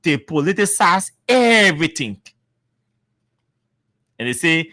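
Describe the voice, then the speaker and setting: A radio talk show host with a Liberian accent, giving commentary in an emphatic, repetitive, animated way. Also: medium pitch, moderate pace, dry recording.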